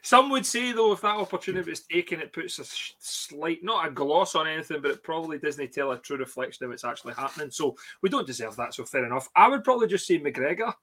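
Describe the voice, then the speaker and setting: Bright-voiced Scottish man hosting a podcast. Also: a little high, animated, fast talker, few pauses. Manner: jokey, laughs often, blunt. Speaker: podcast host. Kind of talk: casual podcast chat.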